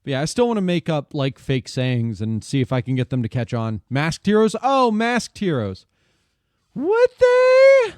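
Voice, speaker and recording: A man's voice: mid-range voice, sing-song, normal speed, few pauses, no room sound. A man streaming live in a casual, chatty way, swearing freely and complaining with animation.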